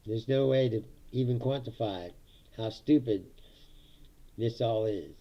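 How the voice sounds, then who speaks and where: Gravelly, sardonic man ranting on a livestream. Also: medium pitch, unhurried, mellow, muffled recording. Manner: sardonic, laughs often, profane. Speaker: livestream host. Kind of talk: casual solo livestream rant. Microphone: streaming setup mic.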